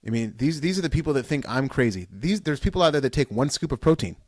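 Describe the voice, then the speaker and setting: A man hosts a podcast and delivers a rousing motivational talk. He hammers at his point with repeated phrases and sudden loud bursts. His voice sits at an ordinary pitch and sounds dry and close. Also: expressive, quick pace, dry recording. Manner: fired-up, repetitive exhortations with loud bursts. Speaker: podcast host. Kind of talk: solo podcast pep talk.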